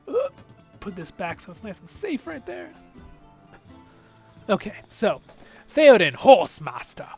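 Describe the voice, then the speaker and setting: Young male game host, excitable chatty commentary, fairly high voice, faint music behind. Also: a little slow, creaky, long pauses, muffled recording. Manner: excitable, chatty, swings between loud and soft. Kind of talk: casual gameplay commentary.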